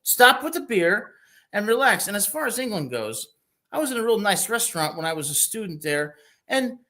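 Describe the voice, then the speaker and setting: Young male sports talk host from New Jersey, bright tense voice, boisterous joker. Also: high-pitched, moderate pace. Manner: boisterous, jokey, animated storytelling. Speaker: podcast host.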